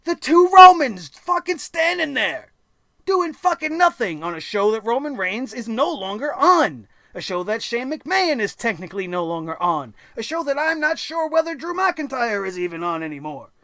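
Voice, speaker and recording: A man's voice: very high voice, big pitch swings, moderate pace, hardly any pauses, pushed and bright, no echo. A man hosting a wrestling review show, ranting angrily and sarcastically and swearing constantly.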